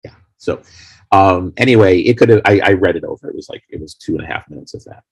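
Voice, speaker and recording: A man being interviewed as a guest, telling long rambling stories about making his film in a casual, animated way. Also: deep voice, fast talker, slightly rough, no room sound. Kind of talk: casual anecdotal storytelling.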